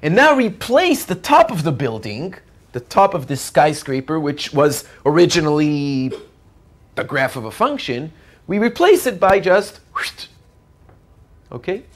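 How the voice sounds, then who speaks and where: A man's voice: on the high side, very animated, a little slow. A man giving a university math lecture, explaining step by step as he draws and often checking that students follow. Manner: explains step by step while drawing.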